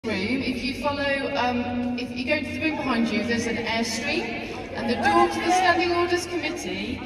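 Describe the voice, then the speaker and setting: A woman's voice: sits high, normal speed, fairly bright tone. A woman chairing a political conference, firmly giving procedural instructions. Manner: firm, procedural. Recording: echoey hall from far off, crowd behind.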